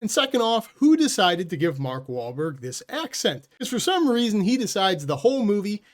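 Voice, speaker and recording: A man giving a casual spoken film review, blunt and sarcastic, with loose, chatty phrasing and quick self-corrections. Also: high-pitched, big pitch swings. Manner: sarcastic, blunt put-downs. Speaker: movie reviewer.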